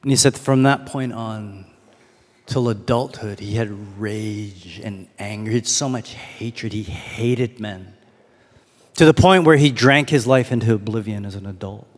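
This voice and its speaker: A man's voice: on the low side, measured pace. A man giving a sermon as a pastor, in a casual storytelling manner that leans on rhetorical questions. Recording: long hall reverb.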